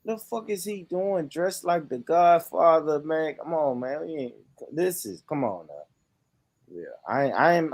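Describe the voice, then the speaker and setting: A man's voice: medium pitch, dry recording. An American man streaming a casual reaction chat, laughing often and swearing emphatically. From United States.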